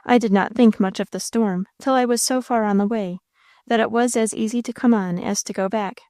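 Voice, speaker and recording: A woman voicing a proud, reserved young woman who is quietly unhappy, speaking slowly and with careful composure. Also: a little high, fairly even intonation, dry recording, clean studio sound, close to an everyday voice.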